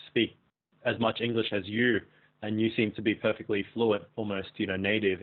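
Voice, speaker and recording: A low-voiced man from Australia comes through a thin, tinny call line. He talks casually and hesitantly, often trailing off with "um" and "you know" before finding his point. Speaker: fellow channel creator, guest. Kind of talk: casual interview conversation. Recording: tinny phone-like call audio.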